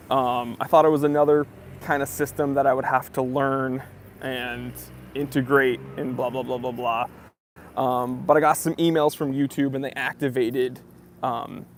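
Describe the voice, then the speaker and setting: A young man from New Hampshire chats through a casual live stream, greeting viewers by name. His voice sits at a middle pitch with a gravelly fry. He keeps a loose, talkative host manner. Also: a little hiss or hum. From southern New Hampshire.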